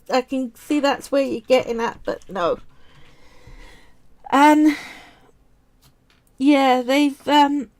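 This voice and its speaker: Speaking with an East London Cockney accent, this English woman sculpts during a live stream, talking casually with viewers and straying onto tangents. Her voice sits a little high, creaky and slightly mellow.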